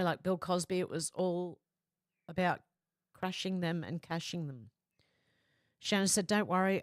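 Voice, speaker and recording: A woman's voice: fairly low pitch, no echo, clean studio sound. A woman hosting a live stream, reading viewers' comments aloud and chatting back to them casually. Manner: chatty, reads comments in a flat running voice with asides.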